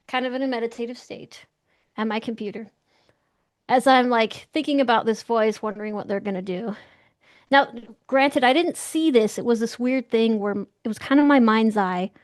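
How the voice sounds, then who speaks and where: A young woman, a guest in an interview, telling a story in an animated, excitable way and acting out the voices she quotes. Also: fairly high pitch, moderate pace, dry recording, clean studio sound.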